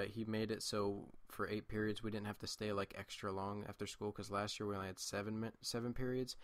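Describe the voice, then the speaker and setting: A man's voice: on the low side, no room sound. A young man in his late teens tells a long, rambling school story while playing a video game. He breaks off into asides and restarts. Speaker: gameplay commentator. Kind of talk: casual storytelling over gameplay.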